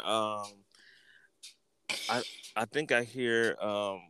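A man's voice: fairly low pitch, takes it slowly, noisy background. A man hosting a podcast, telling a casual story with lots of swearing and acting out the people he quotes. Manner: animated, profane, acts out quotes. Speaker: podcast host.

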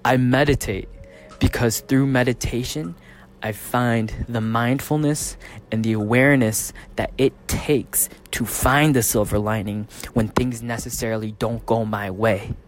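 Man, motivational vlogger, casual storytelling, mid-pitched voice, faint music underneath. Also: fairly even intonation, measured pace. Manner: casual, punctuates sentences with "right?", laughs often. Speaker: fitness training company founder.

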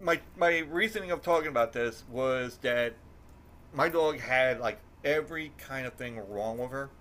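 A middle-aged man hosting a podcast, telling an animated story in casual chat, swearing and acting out quotes in a raised voice. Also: medium pitch, normal speed. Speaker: podcast host.

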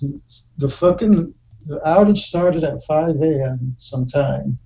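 Gravelly, swearing podcast guy. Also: a little high, a little slow. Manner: rambling, heavy swearing, lots of fillers. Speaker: podcast co-host. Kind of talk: casual chat. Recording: dull lo-fi sound.

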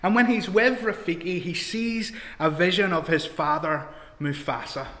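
A man's voice: high voice, moderate pace, a bit bright, roomy sound, in a large hall. A man preaching a sermon to his congregation in a church, talking in a conversational way and asking them questions.

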